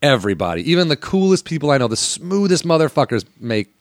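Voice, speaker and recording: A man's voice: a little high, big pitch swings, quick pace, dry recording, clean studio sound. A man telling stories in casual chat, joking and profane.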